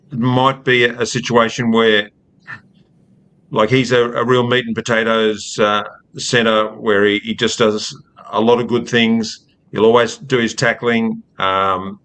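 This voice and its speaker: A man from Australia with an Australian accent, a rugby writer talking in a measured, hesitant way as a podcast guest. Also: medium pitch, a bit bright. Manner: measured, hesitant, many fillers. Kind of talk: casual podcast chat.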